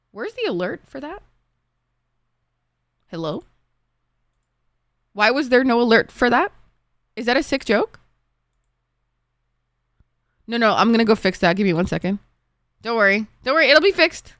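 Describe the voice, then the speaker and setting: A woman's voice: on the high side, very animated, moderate pace, long pauses, a bit bright, dry recording, clean studio sound. A young woman streamer chatting casually with her viewers, full of "like" and frequent swearing. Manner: chatty, swears a lot, fillers like "like". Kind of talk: casual live-stream chat.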